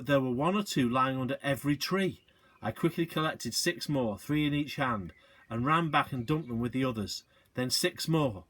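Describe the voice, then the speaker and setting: A male teacher reading a children's book aloud, expressive, with short asides to the listeners. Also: mid-range voice.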